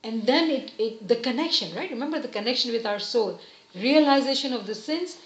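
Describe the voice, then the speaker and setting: A woman giving an earnest, gentle religious lesson, explaining each point patiently. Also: fairly high pitch, lively intonation, brisk. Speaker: religious teacher. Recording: roomy, slightly dull recording.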